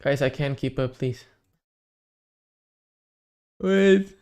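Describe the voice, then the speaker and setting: A man's voice: mid-range voice, fairly even intonation, takes it slowly, clear, resonant tone. A young man on a casual live stream, chatting to his viewers and reading out their names one by one. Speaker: livestreamer running a giveaway.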